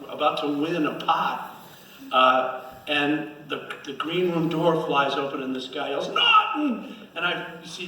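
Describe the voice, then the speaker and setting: A man's voice: a little high, sharp tone. A man from Connecticut telling self-mocking stage anecdotes at a fan Q&A, rambling and restarting as he goes. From Connecticut, USA. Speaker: guest actor at a fan Q&A. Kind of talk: casual storytelling on stage. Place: convention hall stage. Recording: echoey hall, distant mic, faint noise.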